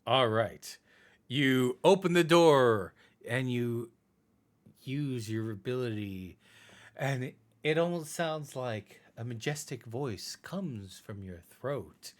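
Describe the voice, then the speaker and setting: A man running a tabletop game as game master, his voice swinging up and down as he narrates. He explains rules and sets scenes with a playful touch, at a middling pitch. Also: expressive, takes it slowly.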